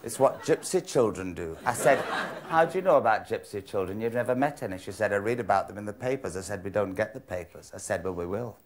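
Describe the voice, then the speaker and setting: A man's voice: on the low side, lively intonation, quick pace, very noisy. A man doing a dry, understated monologue as an improv performer in a TV studio. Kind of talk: deadpan monologue storytelling. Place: TV studio with live audience.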